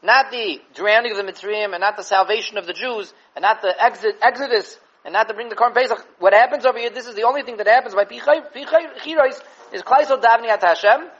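A man giving an animated Torah class on the weekly portion, mixing Hebrew and Yiddish terms into English and repeating words as he thinks. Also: high-pitched, fast talker, husky, muffled recording. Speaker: Torah teacher.

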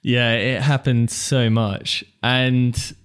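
Relaxed male podcast host. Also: mid-range voice, extremely slow, clean tone. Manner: relaxed storyteller, asks follow-up questions. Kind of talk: casual podcast chat.

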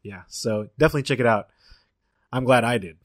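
A man's voice: mid-range voice, a little fast, dry recording, clean studio sound. A man co-hosting a casual podcast, rambling and restarting his sentences, with a Southern Californian accent. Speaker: podcast co-host. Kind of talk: casual chat.

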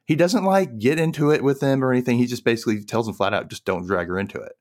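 A man in casual chat about a book, talking quickly and animatedly and acting out the characters' lines as he goes. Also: medium pitch, darkish tone. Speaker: book discussion co-host.

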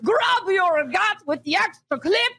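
A woman rapping a party song in a put-on German accent, shouting it out playfully. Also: extremely high pitch, expressive, measured pace, gravelly, heavily acted.

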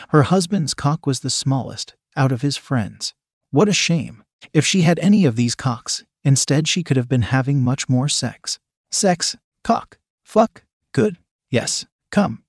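A man reading a story aloud in a steady, scripted narration style. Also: medium pitch, no echo, studio quality.

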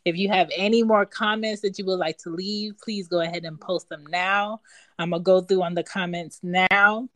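A woman co-hosting a podcast, with a slightly low voice, tells animated stories and laughs often. The sound is dry and close. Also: normal speed, no echo. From moved to Atlanta as a teen. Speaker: podcast co-host. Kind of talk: casual chat.

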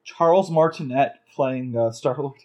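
A man's voice: mid-range voice, a little slow. A man co-hosting a podcast, bantering in a joking way and laughing often. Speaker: podcast co-host. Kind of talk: casual banter.

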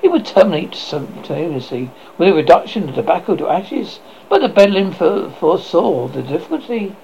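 A man's voice: sits high, very animated, fairly quick, vocal fry, hardly any pauses, dark tone. A man reading a classic tale aloud as a horror host, stumbling and correcting himself as he goes, on a dull lo-fi recording with faint noise. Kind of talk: story reading.

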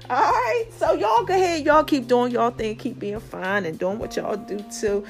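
A woman in her forties with a high voice, holding forth in a sassy, playful monologue for her podcast. She laughs easily and talks straight to her listeners. Faint music plays underneath. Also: slow, vocal fry. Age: 40s. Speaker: podcast host. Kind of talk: casual motivational monologue.

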